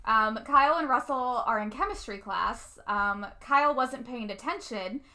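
Bright-voiced chatty woman co-host. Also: a little high, moderate pace. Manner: chatty, filler-heavy, laughs often. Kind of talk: casual recap chat.

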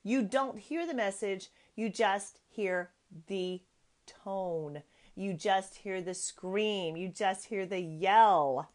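A woman's voice: medium pitch, slow pace, a little mellow. A woman in her thirties hosting a motivational parenting podcast. She talks earnestly and with emphasis, often repeating her key phrases. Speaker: podcast host.

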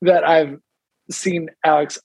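Laughing, husky-voiced man podcasting. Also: on the high side, flat delivery, slow pace, darkish tone, dry recording. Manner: jokey, laughs often. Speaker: podcast co-host. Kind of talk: casual chat. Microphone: video call.

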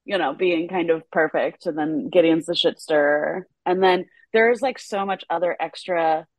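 A woman's voice: fairly low pitch, normal speed, dry recording. A woman TV writer, a podcast guest, chatting casually with lots of fillers and frequent laughs. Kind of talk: casual interview chat.

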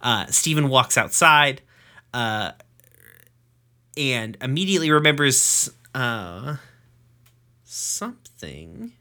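A man with a very bright, forward voice talks through a cartoon episode on his podcast. He recaps in a loose, joking way, dropping swear words as he goes. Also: mid-range voice, big pitch swings. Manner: swearing, jokey recap with quick acted quotes. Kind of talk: casual chat.

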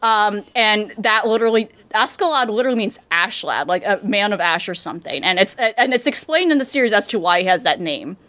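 A woman's voice: medium pitch, animated, brisk, hardly any pauses, bright, forceful tone. Rambling woman in casual podcast chat. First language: English. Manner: rambling, many fillers and restarts. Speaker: podcast co-host. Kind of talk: casual chat about anime dubs.

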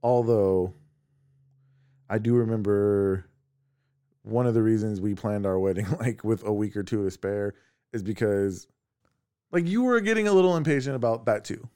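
Low-voiced man telling family stories. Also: moderate pace, pauses often, smooth, dry recording, studio quality. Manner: animated, laughs often, acts out quoted voices. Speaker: podcast co-host. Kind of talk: casual personal storytelling. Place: at home.

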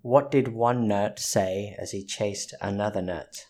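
A man co-hosting a casual podcast chat, playful and animated in his banter. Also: fairly low pitch, measured pace. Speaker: podcast co-host.

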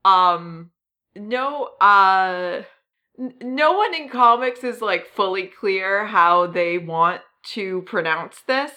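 A woman's voice: mid-range voice, animated, slow pace, bright, forceful tone. A woman co-hosting a podcast in casual chat, talking in a hesitant way with many ums and self-deprecating asides. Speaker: podcast co-host.

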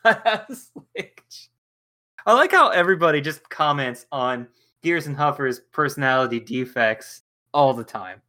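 Bright-voiced man in animated chat. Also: a little high. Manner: laughing, animated, acts out quotes in quick impressions. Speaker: podcast co-host. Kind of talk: casual chat.

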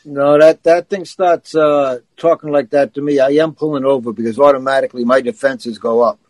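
A man's voice: mid-range voice, steady tone, brisk, a little mellow, dry recording, rough recording. A man co-hosting a podcast, talking in an earnest, matter-of-fact way. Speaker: podcast co-host. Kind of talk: casual chat.

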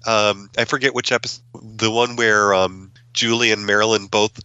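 A man hosting a podcast in a relaxed casual chat, chuckling and searching for words. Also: on the low side, normal speed, clean tone, no echo, lo-fi sound. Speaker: podcast host.

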